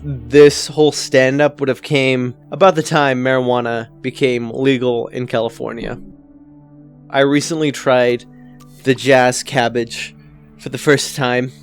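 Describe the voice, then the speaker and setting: A man in his twenties telling stand-up stories in a casual, rambling way, often swearing. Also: mid-range voice. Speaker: comedian. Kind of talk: stand-up storytelling.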